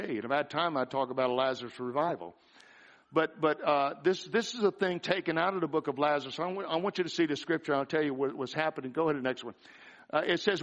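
Middle-aged male pastor, fairly high voice, excitable preaching with stammered restarts; dull lo-fi recording. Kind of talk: sermon. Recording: dull lo-fi sound.

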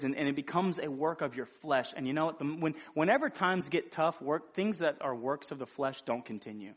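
A man delivers a sermon in a high, light voice. He speaks earnestly and conversationally, often stopping to restart a phrase before pressing his point. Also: animated, fairly quick, hardly any pauses, a bit bright, breathy edge. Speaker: preacher.

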